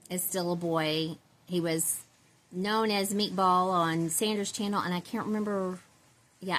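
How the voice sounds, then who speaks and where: A woman's voice: fairly low pitch, a bit bright, slight background noise. A woman from Central Texas, chatting casually and rambling to her viewers, laughing often. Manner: rambling, chatty, laughs often, self-described country girl. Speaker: doll-collecting vlogger.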